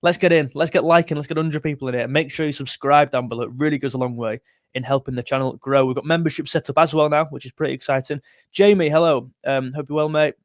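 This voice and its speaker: A man's voice: fairly high pitch, fairly even intonation, fast talker, dry recording, studio quality. A man hosting a football live stream, chatting and reading out viewer comments in a rambling, self-correcting way. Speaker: football livestream host.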